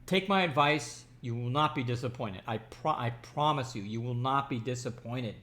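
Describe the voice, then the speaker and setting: A man's voice: mid-range voice, moderate pace, bright, forceful tone. A man giving an enthusiastic, rambling movie review, talking casually with frequent restarts and fillers.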